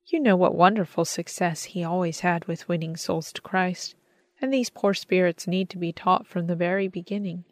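A woman reading aloud voices a serene, loving elderly mother speaking from the afterlife, gentle and tender. Her voice sits low for a woman, and the sound is close and dry. It comes across as a plain audiobook reading rather than a put-on voice. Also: moderate pace, dry recording, lightly acted.

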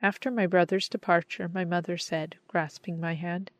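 Woman audiobook narrator; measured, expressive, low-voiced, dry close mic. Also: no room sound.

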